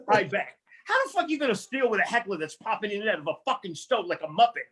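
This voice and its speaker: Brief: male stand-up comic, rambling and profane, does voices, husky and lively. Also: sits high, quick pace, few pauses. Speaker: stand-up comedian. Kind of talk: stand-up comedy set. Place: small comedy venue.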